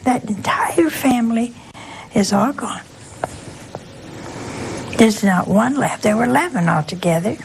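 A woman's voice: on the high side, a little slow, vocal fry, pauses often, a little hiss or hum, rough recording. An older woman, a nun, giving a folksy sermon full of rhetorical questions and asides to her listeners. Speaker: nun preaching a talk.

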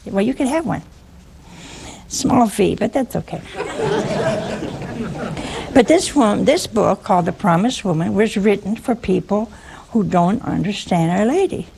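A woman's voice: mid-range voice, expressive, unhurried, vocal fry, pauses often, background noise. A woman preaching a conversational sermon, teasing and humorous, often asking listeners questions.

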